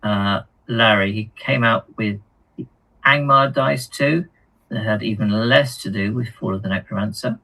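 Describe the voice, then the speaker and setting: A man co-hosting a hobby live stream, reading viewer comments aloud in a halting, chatty way with lots of ums and repeated words. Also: fairly low pitch, gravelly, sharp tone, slightly rough, low-quality recording. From United Kingdom.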